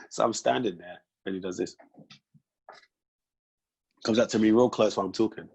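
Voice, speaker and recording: A man's voice: on the low side, normal speed, gravelly, slightly rough. A young man hosting a casual chat, telling stories and acting out both sides of conversations. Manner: animated storytelling, acts out police exchanges. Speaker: podcast host.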